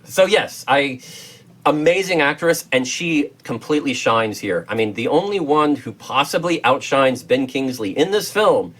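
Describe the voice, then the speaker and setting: A man's voice: medium pitch, expressive, measured pace, a bit bright. A man with an American accent reviewing a film as co-host, enthusiastic and rambling with lots of fillers and restarts. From United States. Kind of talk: casual film review chat.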